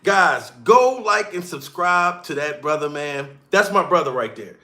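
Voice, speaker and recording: A man's voice: fairly high pitch, expressive, unhurried, bright, forceful tone. A comedian streamer ranting profanely and mockingly on a live stream, calling out to chat as he goes. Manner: profane, heated, mocking rant.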